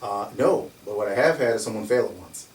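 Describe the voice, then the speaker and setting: Animated man, roomy and distant. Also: fairly low pitch, fairly quick. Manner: animated, laughs often while telling stories. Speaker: security company owner. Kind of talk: conversational storytelling. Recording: roomy, distant mic, faint noise.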